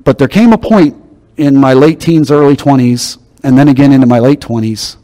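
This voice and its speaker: A man's voice: medium pitch, moderate pace, mellow. A man preaching a sermon, teaching in a conversational, emphatic way. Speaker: pastor.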